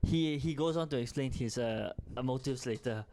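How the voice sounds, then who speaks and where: A man's voice: mid-range voice, normal speed, darkish tone, no room sound. A man with a Singaporean English accent, a podcast co-host trading jokes in a casual chat. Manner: joking, banters, trails off mid-sentence.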